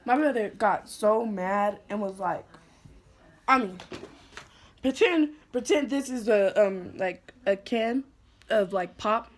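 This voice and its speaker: A young woman vlogger telling a personal story in a somber, halting way, full of "like" fillers and restarts. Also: mid-range voice, lively intonation. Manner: somber, emotional retelling. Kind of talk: storytime vlog.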